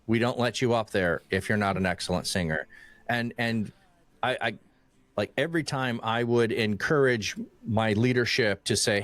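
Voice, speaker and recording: A man from Michigan hosting a casual podcast conversation, animated and acting out quoted voices as he talks, often restarting phrases. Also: lowish voice, normal speed, no room sound. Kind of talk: casual chat.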